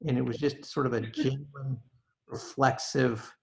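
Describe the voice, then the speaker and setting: A man with a very gravelly, creaky voice gives a measured birthday toast over a video call. His delivery stays flat and even. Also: mid-range voice. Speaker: guest giving a toast.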